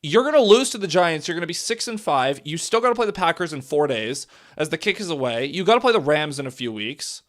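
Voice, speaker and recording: A man gives live play-by-play reaction to a football game. His voice is bright and lively, and it swings widely in pitch. He sounds exasperated with his team. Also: quick pace. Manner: exasperated, frequently shouts and laughs in disbelief.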